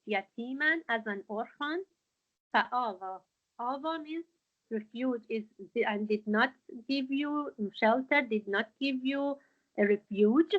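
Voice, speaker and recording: A woman with a fairly high voice teaching a religious lesson, explaining meanings step by step. She talks hesitantly, with many fillers and restarts. The sound is dull and lo-fi. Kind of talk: Quran lesson explaining verses.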